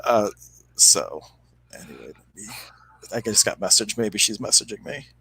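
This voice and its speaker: A man co-hosting a spiritual podcast, chatting casually and retelling a fable in a relaxed, animated way. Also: on the low side, normal speed, creaky, slight background noise, rough recording. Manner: relaxed, animated storyteller with fillers. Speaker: podcast co-host. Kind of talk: casual spiritual chat and storytelling.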